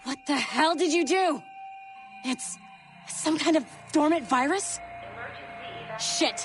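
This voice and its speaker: A brisk sarcastic tech agent. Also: female voice, high voice, soft background music. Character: sharp-tongued female tech agent, young adult. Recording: game audio with ambient noise.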